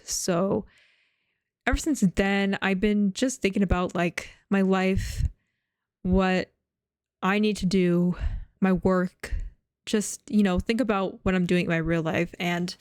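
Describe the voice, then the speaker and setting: A woman's voice: medium pitch, a little mellow, smooth, no room sound, studio quality. Woman VTuber in casual rambling chat. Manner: rambling, many fillers and restarts; talks while chewing gum.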